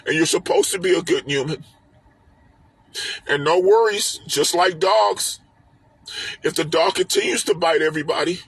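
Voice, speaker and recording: Hosting a live stream through a phone or webcam, a man explains a spiritual text with no room sound. His voice is husky, a little high and a bit bright. He preaches emphatically and repetitively, asking rhetorical questions.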